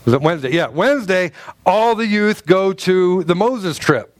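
High-pitched guy preaching, super animated storytelling, dry close mic. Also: normal speed, no room sound. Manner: animated storyteller, acts out groans and quotes, many restarts. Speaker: pastor. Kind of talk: sermon with humorous personal story. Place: church sanctuary before a live congregation.

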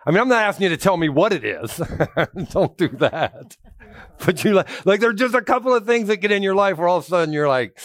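This pastor's voice is high and a little fast, heard in clean studio sound with no room sound. In church, he preaches conversationally, telling personal stories with jokes and animatedly calling out to the congregation.

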